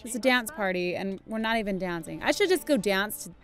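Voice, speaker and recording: A woman's voice: mid-range voice, animated, brisk. A young adult woman casually commentating a life-sim game, chatty and playful, often laughing. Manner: chatty, giggly, playful self-narration. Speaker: gaming YouTuber. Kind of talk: casual let's-play commentary.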